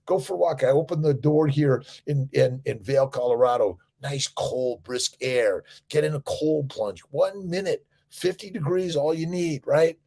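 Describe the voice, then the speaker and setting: A middle-aged man with a gravelly, somewhat husky voice hosts a casual morning livestream. He rambles in an upbeat, motivational way, reads out viewer comments and greets people by name. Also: medium pitch, unhurried, hardly any pauses, mellow. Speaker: fertility doctor hosting a morning livestream. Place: indoors.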